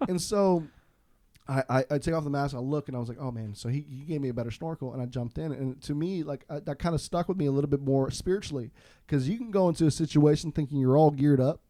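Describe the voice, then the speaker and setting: A man from Florida, a podcast guest, telling a story in a casual, animated, self-deprecating way with frequent restarts. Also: on the high side, quick pace, no room sound, clean studio sound.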